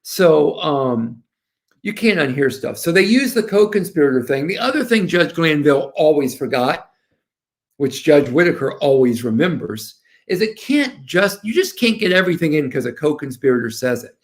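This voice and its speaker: A man in his sixties from the Southern United States, a defense lawyer talking as a guest in a casual interview, animated and quoting others as he tells stories. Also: on the high side, normal speed. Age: 60s.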